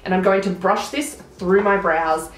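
A woman's voice: mid-range voice, moderate pace, roomy sound. Chatty woman with a blocked nose. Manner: chatty, narrating each step as she works. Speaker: beauty vlogger. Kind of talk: makeup tutorial talk.

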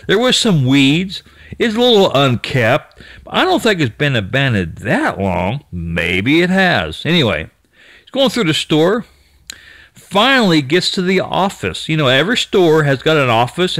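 A man's voice: on the high side, fairly bright tone, no room sound. A man casually retelling what another person found in an abandoned store, rambling with restarts and mild cursing. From United States. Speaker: YouTube storyteller.

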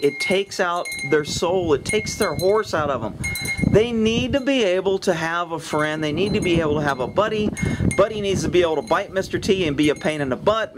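A man, a horse trainer, talking bluntly and with cursing in a casual outdoor vlog by a pasture. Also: on the high side. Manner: blunt, ranting, profane. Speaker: horse trainer, channel host. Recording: wind hitting the microphone. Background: wind and wind chimes.

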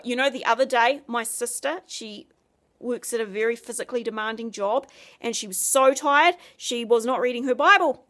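A woman's voice: a little high, normal speed, fairly bright tone. A woman giving an earnest, conversational Christian devotional talk. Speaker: Christian speaker.

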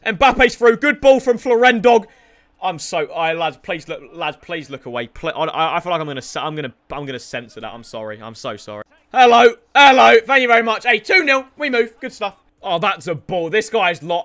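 A young man giving excitable commentary over his own football video game matches, shouting at players and swearing. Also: sits high. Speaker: gaming YouTuber. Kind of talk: gameplay commentary.

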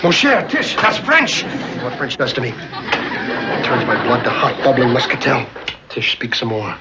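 An actor playing the passionate, theatrical husband of a ghoulish family in a 1970s TV comedy, talking in a florid, ardent way. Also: male voice, medium pitch, fairly even intonation, normal speed, vocal fry, heavy background noise, natural voice. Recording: dull TV soundtrack with music.

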